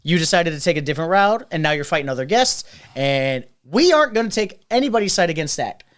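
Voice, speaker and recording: Guy on a podcast telling a bar story, swears a lot, voice bounces all over, kinda high. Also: quick pace. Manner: animated, profane, acts out quoted voices. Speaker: podcast co-host; bartender. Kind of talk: casual storytelling chat.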